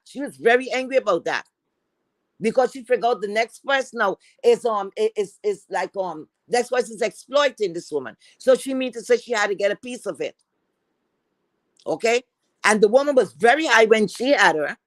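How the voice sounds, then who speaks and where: A woman's voice: a little high, no echo, low-quality recording. A woman commentator on a livestream, ranting in a blunt, profane, scolding way. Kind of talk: heated commentary rant.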